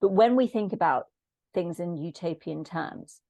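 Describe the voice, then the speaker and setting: A woman talking as a podcast guest, thoughtful and reflective, often pausing to search for words. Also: on the low side, expressive, darkish tone, no echo. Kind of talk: thoughtful conversational discussion.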